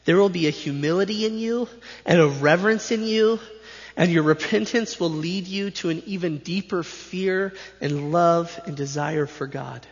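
A man's voice: high-pitched, moderate pace. A male pastor delivering a sermon with an emphatic, repetitive preaching cadence. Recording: dull sound with long hall reverb.

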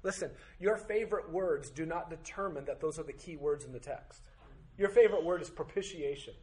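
A man's voice: fairly high pitch, fairly quick, darkish tone. A man teaching a Bible study class, firing off strings of rhetorical questions with occasional joking asides. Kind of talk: teaching to a group.

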